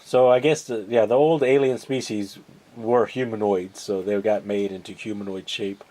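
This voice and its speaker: A man recapping TV episodes in a casual, rambling way, sarcastic and mocking, halting over many fillers. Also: on the low side, fairly even intonation, warm tone. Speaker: podcast host recapping TV episodes.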